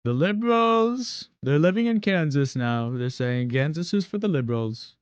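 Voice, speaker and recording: Brief: ranting pompous politician played by a man, lively pitch, dull dry mic. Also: normal speed, clear, resonant tone, dry recording, natural voice. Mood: mock outrage. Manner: mock speech-making, repetitive rant.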